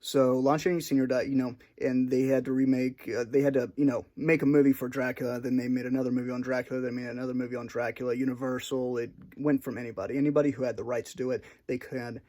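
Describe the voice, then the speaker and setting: A man's voice: medium pitch, little pitch movement, fast talker, hardly any pauses, dark tone. A man talking in an unscripted solo monologue for his channel, hesitant and rambling with many restarts, self-conscious about his awkwardness. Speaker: video creator.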